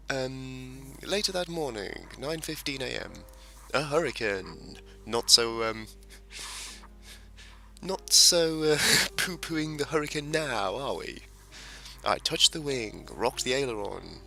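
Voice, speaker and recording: A man's voice: medium pitch, gravelly, bright, forceful tone. A man chatting casually over a flight game, reading its story aloud and joking at himself. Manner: chatty and self-mocking, reads story text aloud. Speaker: game video maker. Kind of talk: casual gameplay commentary and reading the campaign story.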